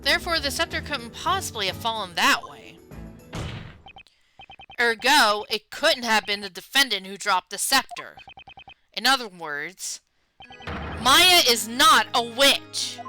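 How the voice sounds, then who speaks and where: A woman's voice: a little high, expressive, measured pace, pauses often, sharp tone. Jersey-accented woman voicing a young male defense attorney, emphatic, strong game music behind. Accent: New Jersey. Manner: emphatic, triumphant courtroom statements read aloud.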